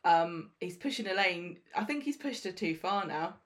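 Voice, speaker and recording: A woman co-hosting a podcast, chatting and teasing in quick banter. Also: fairly low pitch, animated. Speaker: podcast co-host. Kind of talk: casual chat.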